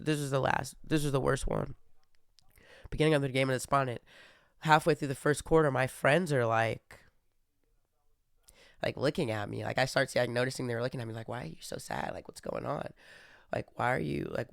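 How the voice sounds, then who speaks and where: A man's voice: mid-range voice, creaky, smooth, no echo, studio quality. A young man hosting a casual monologue, rambling with many fillers and restarts. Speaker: podcast host.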